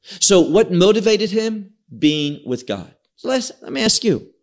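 A man's voice: high voice, sing-song, unhurried. A man teaching an evening Bible study, reading verses aloud, quoting Hebrew words and restarting his phrases.

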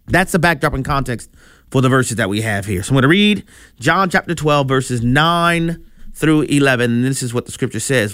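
A man preaching a sermon, in a conversational style with animated asides. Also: medium pitch, moderate pace, no echo, clean studio sound.

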